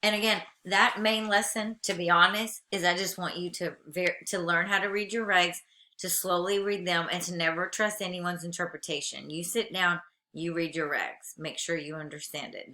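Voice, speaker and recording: A woman's voice: lowish voice, fairly even intonation, normal speed, sharp tone. A woman instructor giving a recorded lecture, reading regulations aloud and then explaining them plainly to her students. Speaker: aviation instructor.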